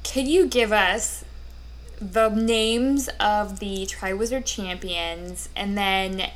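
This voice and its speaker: Woman quizzing friends, slow and deliberate. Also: medium pitch, a little hiss or hum. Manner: asks questions slowly and deliberately. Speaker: quiz host. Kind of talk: casual chat.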